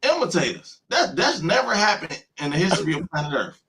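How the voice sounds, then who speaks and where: A man hosting a casual chat, speaking bluntly and with profanity, dropping low and quiet for serious points. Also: big pitch swings, fairly quick, poor audio. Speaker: host.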